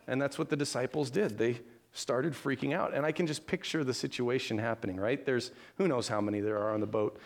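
Male pastor, slightly higher voice, earnest conversational sermon delivery. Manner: earnest, conversational preaching with rhetorical questions.

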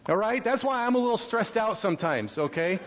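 A man preaching a sermon as pastor, conversational and self-deprecating, breaking into quick asides. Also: high-pitched, expressive. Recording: slightly dull lo-fi sound.

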